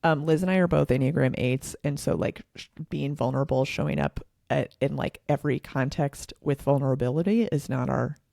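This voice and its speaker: A woman's voice: very deep voice, fairly quick, gravelly, few pauses, warm tone, dry recording, clean studio sound. A woman, co-hosting a podcast in a casual, sarcastic, laughing way. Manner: sarcastic, laughing, filler-heavy. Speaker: podcast co-host.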